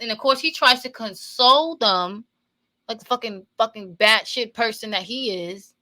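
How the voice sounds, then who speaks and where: A woman's voice: fairly high pitch, normal speed, pushed and bright. A woman casually recapping a movie scene, repeating herself and swearing freely, with a vernacular lilt. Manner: profane, repetitive, opinionated retelling. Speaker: movie commentator. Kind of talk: casual movie reaction commentary.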